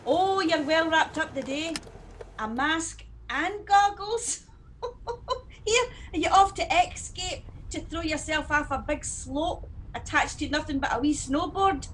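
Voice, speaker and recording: Heather, a cheeky Scottish taxi driver. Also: female voice, high voice, takes it slowly, a little hiss or hum. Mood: teasing. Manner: teasing, laughing, loud. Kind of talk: audio drama acting.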